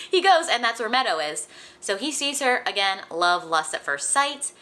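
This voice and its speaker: A woman's voice: a little high, big pitch swings, measured pace, sharp tone. A young woman who is feeling sick, chatting casually about books as a vlogger, full of "like" and light laughs. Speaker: book vlogger. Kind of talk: casual chat.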